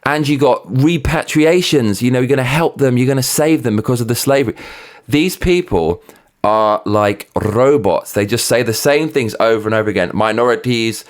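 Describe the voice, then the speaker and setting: Man, host delivering a sweary opinion rant, sarcastic, mid-pitched voice. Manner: profane, heated ranting; sarcastic, mocking.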